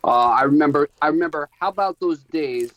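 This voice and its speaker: A man's voice: fairly high pitch, fairly quick, a bit bright, dry recording. Male guest, 50s, from Connecticut, enthusiastic reminiscing, slightly dull call-in audio. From Connecticut, USA. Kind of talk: casual chat.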